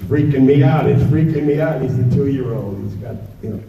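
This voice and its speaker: A man telling a story on a convention stage with dramatic pauses, acting out the voices. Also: medium pitch, creaky, slight background noise. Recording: echoey convention hall, far from mic, dull.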